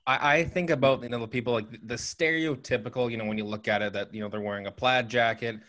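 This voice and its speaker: A man's voice: medium pitch, steady tone, fast talker, fairly bright tone. A man from Western Canada co-hosting a podcast, asking questions in a hesitant, filler-filled way. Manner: hesitant, many restarts and "like". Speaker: podcast co-host. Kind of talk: casual podcast chat.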